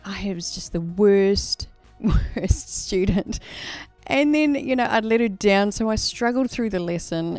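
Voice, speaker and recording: A woman's voice: mid-range voice, gravelly, darkish tone. A woman, a live-stream host, telling a childhood story in a chatty, candid way and laughing at herself. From Australia.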